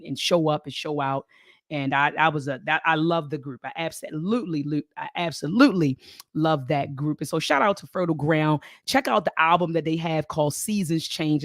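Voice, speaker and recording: A middle-aged woman hosting a live-stream commentary show, talking to her viewers as family, lively and repeating her phrases. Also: deep voice, no echo, studio quality. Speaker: host.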